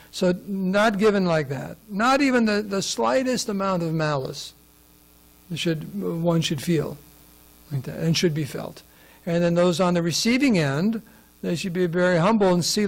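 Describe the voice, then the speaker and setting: A man's voice: on the high side, vocal fry, rough recording. A man giving a scripture class, conversational and often asking his listeners questions. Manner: conversational, asks the audience questions. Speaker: class speaker.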